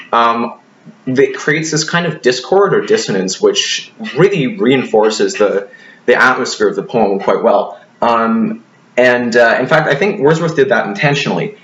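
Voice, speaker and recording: A man's voice: mid-range voice, a bit bright, echoey room, muffled recording. A man teaching a recorded poetry lesson, talking hesitantly with many ums and restarts, and now and then apologizing. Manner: apologetic asides.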